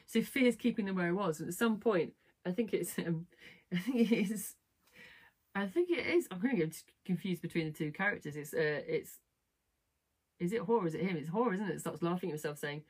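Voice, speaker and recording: A woman's voice: fairly low pitch, husky. A woman hosting a casual live stream, retelling a book in a rambling, self-correcting way and often asking "right?".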